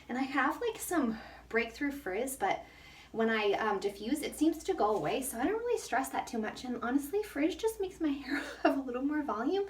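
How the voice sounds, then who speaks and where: A young woman with a fairly high voice talks through a hair routine in a casual, self-mocking way. She is a little out of breath from the heat. She sounds set back from the mic in an echoey bathroom with faint ambient noise. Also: expressive, moderate pace, far from the mic. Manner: chatty and self-mocking, laughs often. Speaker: hair care vlogger. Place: hot bathroom.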